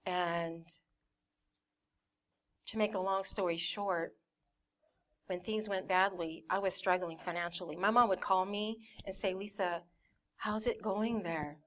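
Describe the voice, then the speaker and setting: A woman's voice: lowish voice, fairly even intonation, unhurried, pauses often, fairly bright tone. A young woman giving a personal testimony in a candid way, acting out her family's voices as she tells it. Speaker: church member giving a testimony.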